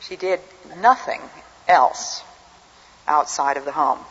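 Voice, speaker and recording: Older woman, husky, earnest storyteller. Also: deep voice, slow pace, a bit bright. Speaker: speaker. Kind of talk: personal testimony talk. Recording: dull recording with long hall reverb.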